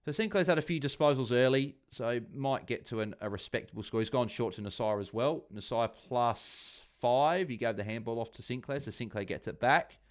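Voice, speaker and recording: A man with an ordinary mid-range voice hosts a casual live stream. He reads viewer comments aloud and cheers on his fantasy players between relaxed asides. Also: mid-range voice, fairly quick, hardly any pauses. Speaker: host of a fantasy football watchalong stream.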